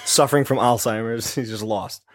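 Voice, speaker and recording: A man's voice: medium pitch, moderate pace, dry recording. A young man with a mid-range voice trades wry jokes as a podcast co-host, breaking into short laughs. His voice sounds dry and close, with no room around it. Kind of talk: casual chat about horror films.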